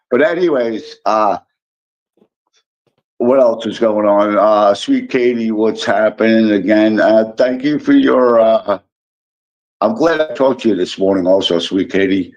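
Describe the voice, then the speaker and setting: A man's voice: on the low side, animated, unhurried, a little mellow. A man from Illinois hosting a casual live stream, chatting with viewers and greeting them by name in a teasing way. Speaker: livestream host. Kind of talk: casual live chat reading comments. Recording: dull lo-fi sound.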